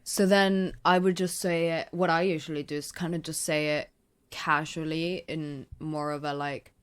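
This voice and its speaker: A woman's voice: deep voice, normal speed, smooth. A woman co-hosting a podcast, chatting casually and loosely, with lots of "like" and "sort of". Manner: relaxed, filler-heavy, says "like" and "sort of" often. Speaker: podcast co-host. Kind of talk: casual chat.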